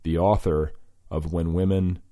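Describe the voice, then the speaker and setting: Here a man with a low voice talks at a measured pace in a flat delivery. He's hosting a podcast, rambling through a lengthy story heavy with fillers, restarts and self-corrections, and finally introduces his guest in a storytelling monologue.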